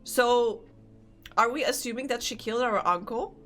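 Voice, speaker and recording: A young woman streaming a game live, chatting casually, excitable and often laughing. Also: on the high side, normal speed, faint music behind.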